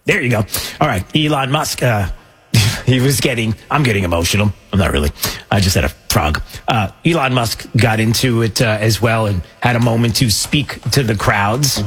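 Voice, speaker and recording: A man's voice: mid-range voice, moderate pace, fairly bright tone, slightly rough, faint music behind. A man hosting a show, talking loosely with jokes and lots of fillers. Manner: rambling, joking, many fillers. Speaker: host. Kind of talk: casual commentary.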